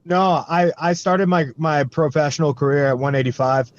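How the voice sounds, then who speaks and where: A man answering interview questions in a relaxed, halting way with many fillers. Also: on the high side, muffled recording. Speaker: guest fighter.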